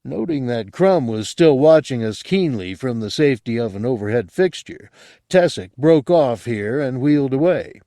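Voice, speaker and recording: A man narrating an audiobook in a gruff first-person storytelling manner. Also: medium pitch, animated, moderate pace, warm tone, no room sound, clean studio sound.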